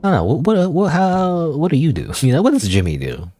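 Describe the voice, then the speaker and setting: A man's voice: on the high side, sing-song, brisk, dark tone, slight background noise. A man streaming a video game, thinking aloud in a casual, rambling way and reading in-game text. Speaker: gaming streamer. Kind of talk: let's play commentary.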